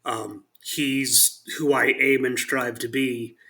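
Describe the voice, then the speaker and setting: A man's voice: medium pitch, flat delivery, takes it slowly, pushed and bright. A man co-hosting a podcast, talking casually in an earnest, sincere way. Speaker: podcast co-host. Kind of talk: casual conversational chat.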